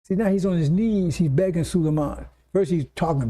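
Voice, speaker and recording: Male preacher, slightly high, very mellow dark tone; teaching sermon, keeps checking in with his listeners. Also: brisk. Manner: explanatory, keeps checking in with "see?" and "right?". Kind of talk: sermon lecture to congregation.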